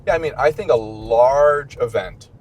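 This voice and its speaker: A man with a Midwestern American accent, a priest hosting a casual chat during a car ride and telling stories with lively quotes. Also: medium pitch, a little slow, slight background noise. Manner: chatty, storytelling with mimicked quotes. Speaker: priest and podcast host.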